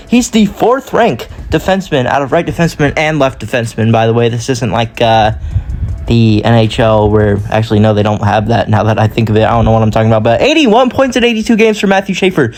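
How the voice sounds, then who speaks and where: A man's voice: mid-range voice, animated, brisk, darkish tone. A young man talking through a hockey sim career in casual commentary, rambling and often correcting himself mid-sentence. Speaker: gaming YouTuber.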